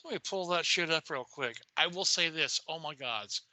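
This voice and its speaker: A man's voice: fairly high pitch, lively intonation, normal speed, bright, forceful tone, no echo, rough recording. An older man with a Southern US accent, chatting enthusiastically and rambling as a podcast co-host. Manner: enthusiastic, rambling, swears casually. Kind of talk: casual chat.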